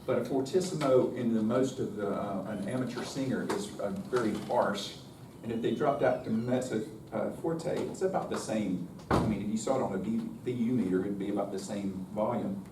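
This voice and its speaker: A man's voice: fairly low pitch, fairly quick. A man with a North Carolina accent leading a choral workshop in a chatty, folksy way. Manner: folksy, chatty, demonstrates by singing. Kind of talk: workshop lecture with sung demonstrations. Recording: roomy, distant mic, faint noise.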